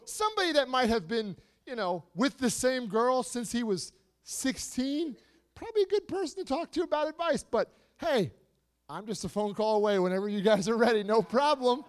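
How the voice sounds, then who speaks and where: High-voiced animated male preacher. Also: moderate pace. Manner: animated, swings between soft asides and loud emphasis; rhetorical questions and repetition. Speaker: youth speaker. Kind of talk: sermon to a youth group.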